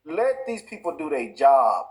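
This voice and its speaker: A man hosts his own commentary show. His voice sits a little high for a man. He talks in heated bursts, often repeating words and restarting his sentences. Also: very animated, a little slow, low-quality recording. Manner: heated, repetitive, many restarts. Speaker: show host. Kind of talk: impassioned commentary.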